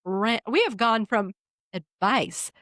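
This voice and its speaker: A woman co-hosting a casual podcast chat, a mother of two young children, telling lively stories and acting out the quotes. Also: fairly high pitch, slow pace, no room sound. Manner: animated storyteller who acts out quotes. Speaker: podcast co-host.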